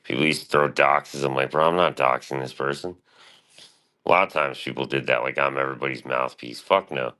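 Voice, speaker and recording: A man with an extremely low voice rambles through a casual stream monologue, boastful and full of swearing. His tone has a bright, forceful edge despite the depth. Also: a little fast.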